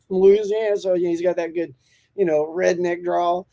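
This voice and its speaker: A man's voice: sits high, little pitch movement, moderate pace, creaky, warm tone. A man hosting a casual morning live-stream chat, upbeat and talkative, laughing often as he reads out and answers viewer comments.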